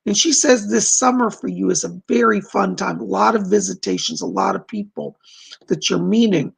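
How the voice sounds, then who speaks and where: A man doing live psychic readings on a stream, reading viewer questions aloud and gently relaying reassuring messages. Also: high-pitched, normal speed, gravelly, husky. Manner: gentle, reassuring, calls people darling.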